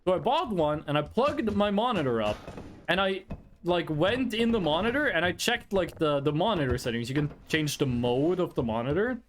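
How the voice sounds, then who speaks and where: A man's voice: a little high, normal speed, slight background noise. A young man from Norway, chatting casually on a livestream and rambling through anecdotes. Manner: rambling storyteller, chatty and animated. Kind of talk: casual chat with chat.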